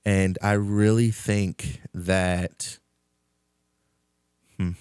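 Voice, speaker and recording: A man's voice: low-pitched, little pitch movement, very slow, darkish tone, clean tone, no echo, studio quality. A man hosting a podcast, talking in a rambling, candid casual monologue and swearing freely. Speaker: podcast host.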